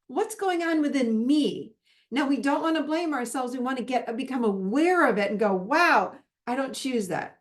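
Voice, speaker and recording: Animated, higher-voiced woman coaching. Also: moderate pace. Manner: animated and conversational, with anecdotes and frequent restarts. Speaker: relationship coach teaching a masterclass. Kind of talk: casual teaching talk.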